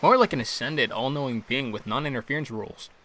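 A man's voice: mid-range voice, fast, sharp tone. A man narrating in a chatty, joking way. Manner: chatty, jokey.

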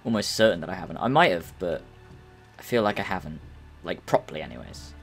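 A young man, giving chatty, excitable commentary while playing a video game. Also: low-pitched, fast talker, gravelly, faint music behind. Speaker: let's play gamer. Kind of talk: casual gameplay commentary.

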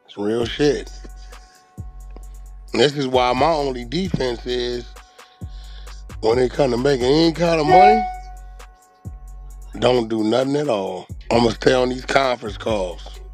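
A man's voice: mid-range voice, a little slow, long pauses, a little mellow, faint music behind. A man talking casually on a podcast in a blunt, streetwise, profane way.

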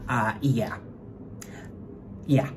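A young man talking excitedly in a casual reaction vlog, stammering and fidgety, from a room while on a work trip, on a phone mic. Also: medium pitch, extremely slow, background noise. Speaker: vlogger.

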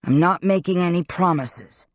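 A reader voicing Han, a wary young man from the streets who speaks in a curt, defiant way with rough slang. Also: mid-range voice, normal speed, dry recording, clean studio sound, voice pushed up, lightly acted. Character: blunt, wary young male street fighter. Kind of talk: audiobook character reading.

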